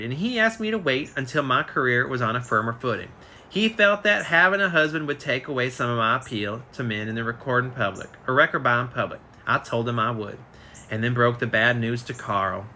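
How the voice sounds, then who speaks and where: Reading a biography aloud for a casual live stream, a man keeps making slips and going back to fix them. He has a bright, forceful mid-range voice, recorded on a phone with a bit of noise behind him.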